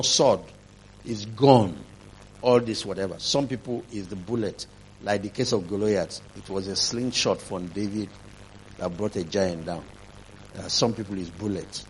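A man preaching a sermon, telling a testimony, swinging from quiet telling to loud, emphatic preaching. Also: a little slow, a little hiss or hum. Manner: rising to loud emphatic preaching, then dropping low.

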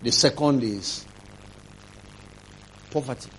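A man preaching a sermon, telling a testimony, swinging from quiet telling to loud, emphatic preaching. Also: slow, a little hiss or hum. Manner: rising to loud emphatic preaching, then dropping low.

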